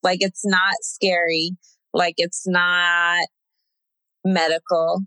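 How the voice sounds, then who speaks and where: A woman's voice: fairly low pitch, flat delivery, slow pace, pushed and bright, smooth, no echo, low-quality recording. A young woman chatting casually as a guest, telling a personal story with lots of fillers and laughs. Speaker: guest sharing a birth story.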